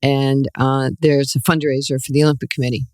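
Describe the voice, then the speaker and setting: Older woman, sixties, from new york, animated storyteller, dry close sound. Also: very deep voice, fairly quick, no echo. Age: 60s. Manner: animated storyteller, acts out quoted voices, laughs often. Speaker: guest, former basketball player. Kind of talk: storytelling interview.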